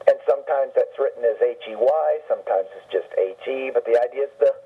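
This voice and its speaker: A man on a radio phone-in patiently explaining the Hebrew alphabet, slowly repeating and spelling out each letter. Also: medium pitch, husky. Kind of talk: patient spoken lesson on a radio call. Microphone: telephone. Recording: dull lo-fi phone line with faint music.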